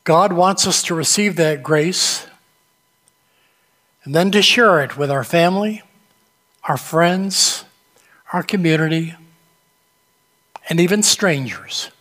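Man, pastor, high voice, slow deliberate sermon, long church reverb. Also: a bit bright. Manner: slow, storytelling delivery with dramatic pauses. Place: church sanctuary. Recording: long reverb of a large sanctuary.

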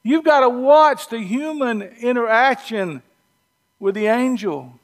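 A man's voice: very high voice, lively intonation, slow pace. A man with a Southern US accent preaching a sermon in a folksy, conversational storytelling way with humorous asides. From Southern US, North Georgia or North Alabama.

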